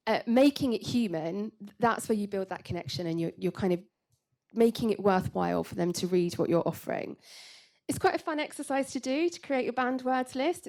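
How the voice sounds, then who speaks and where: A woman presents a copywriting bootcamp session. She talks in a chatty, lively way and laughs often, with a voice of middling pitch. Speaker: copywriting trainer. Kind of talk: presenting a workshop talk.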